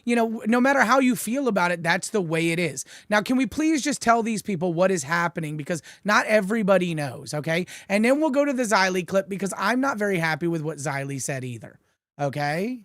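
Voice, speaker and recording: A man's voice: sits high, animated, fairly quick, fairly bright tone, no echo, clean studio sound. A man hosting a livestream, introducing the topic in a rambling, hesitant way full of fillers. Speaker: host. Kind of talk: livestream commentary.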